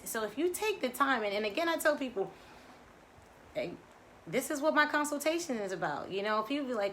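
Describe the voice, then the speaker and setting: A woman coach hosts a live-streamed spiritual talk, addressing her viewers directly and emphatically, stressing her points by repeating them. Her fairly high, fairly bright voice swings widely in pitch at a brisk pace, with slight background noise.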